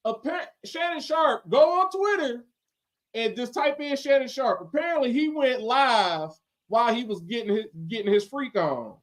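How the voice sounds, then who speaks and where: A man with a notably high voice hosts a loose, chatty podcast. He talks with lively energy, laughs often and mimics other people's voices as he tells stories. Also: normal speed. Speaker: podcast host. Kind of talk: casual wrestling podcast chat.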